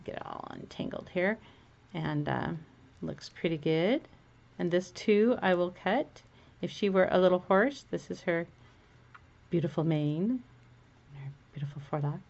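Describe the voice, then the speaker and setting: A woman's voice: fairly low pitch, animated, measured pace, vocal fry, pauses often, darkish tone, dull audio. A woman chatting casually and giggling as she walks through a craft project in a home video. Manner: chatty, giggly, self-amused. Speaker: crafting vlogger. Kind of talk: casual knitting tutorial chat.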